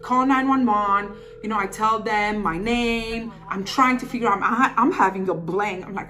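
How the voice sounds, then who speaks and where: A woman in her thirties telling a story to camera in a lively, dramatic way. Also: mid-range voice, moderate pace, hardly any pauses, faint music behind. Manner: animated, dramatic voices for quoted people.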